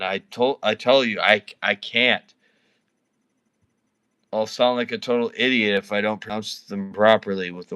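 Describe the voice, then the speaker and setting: Male streamer, bright voice, swearing rant at chat. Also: lowish voice, clean tone. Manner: swearing, ranting at a viewer; mumbling and reluctant at first. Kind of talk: live stream chat with viewers.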